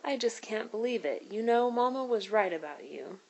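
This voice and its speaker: A woman's voice: fairly high pitch, expressive, normal speed, creaky, a little mellow, poor audio. A woman voicing a caring, scolding grown woman in a read-aloud storybook. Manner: fussing and motherly.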